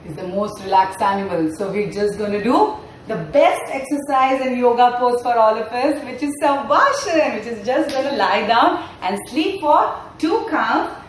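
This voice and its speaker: A woman's voice: a little high, animated, moderate pace, a little hiss or hum. Playful woman leading yoga, echoey. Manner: playful, sing-song, coaxing. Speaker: mother-and-baby yoga trainer. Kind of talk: sing-along yoga class with a story. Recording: echoey room, far from the mic.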